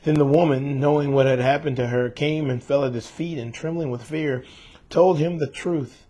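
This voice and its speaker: A man's voice: on the high side, fairly even intonation, moderate pace, mellow. Guy preaching, earnest and a bit emotional, keeps asking y'all questions. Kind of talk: scripture reading and sermon.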